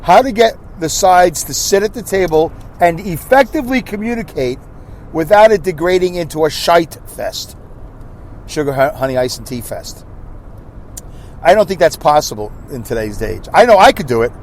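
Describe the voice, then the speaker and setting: A middle-aged man from the United States talks through his opinions in a loose, rambling monologue. His pitch swings around a lot, and his tone sits fairly high for a man. Faint traffic noise hums behind him. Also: animated, normal speed. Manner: rambling, conversational, with restarts and asides. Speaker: podcast host. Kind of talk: casual solo monologue.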